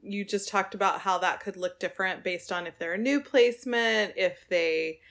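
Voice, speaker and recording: A woman's voice: medium pitch, moderate pace, fairly bright tone. A woman hosting a podcast, affirming her guest and asking long, careful questions full of fillers. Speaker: podcast host. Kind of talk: podcast interview.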